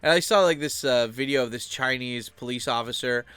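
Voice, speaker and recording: A man's voice: mid-range voice, fairly quick, fairly bright tone, clean tone, no echo. A young man talking casually on his own channel, rambling loosely with lots of filler words. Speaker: channel host.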